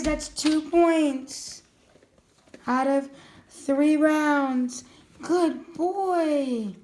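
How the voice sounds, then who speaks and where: A woman's voice: sits high, extremely slow, long pauses, darkish tone, a little hiss or hum. A woman filming her dog at home, narrating casually and coaxing him with eager, encouraging talk. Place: at home, indoors.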